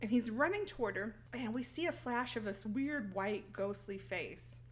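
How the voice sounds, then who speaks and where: A woman's voice: a little high, expressive, moderate pace. A woman co-hosting a podcast, telling a film's story in casual chat and acting out the characters' lines. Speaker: podcast co-host recapping a film.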